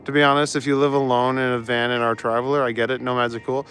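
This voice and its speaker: A man's voice: medium pitch, flat delivery, fast, fairly bright tone, a little hiss or hum. A young man in casual chat as a live streamer, walking outdoors through city streets and chuckling as he answers his chat. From Canada. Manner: laid-back, chuckles often, reads out chat.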